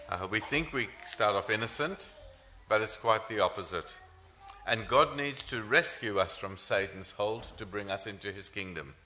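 A man's voice: fairly low pitch, sharp tone. A man preaching a sermon as pastor, earnest, with rhetorical questions and frequent "uh" fillers.

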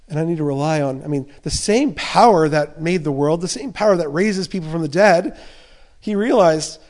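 A man preaching a sermon with passion, voicing an apostle's inner thoughts and swinging from loud urgent lines to soft, hushed ones. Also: a little high, normal speed.

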